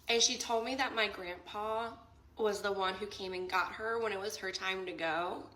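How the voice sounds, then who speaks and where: Bright-voiced young woman telling a story. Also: mid-range voice, moderate pace, reverberant, rough recording. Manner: retells a conversation, quoting both sides, many "like"s; tearful and emotional near the end. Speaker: vlogger. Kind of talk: emotional storytime vlog.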